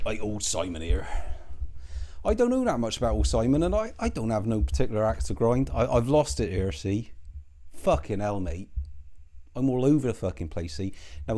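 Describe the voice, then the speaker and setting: A man's voice: on the low side, sing-song, moderate pace, warm tone. A man hosting his own channel, rambling in a sardonic, sweary commentary that keeps interrupting itself.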